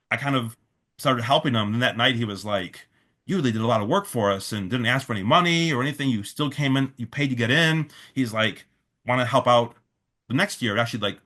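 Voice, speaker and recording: A man's voice: medium pitch, pushed and bright. Chatty man telling a rambling story. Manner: rambling, full of "like" and restarts, quotes others in his own voice. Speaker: festival organizer, interview guest. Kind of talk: casual storytelling in an interview.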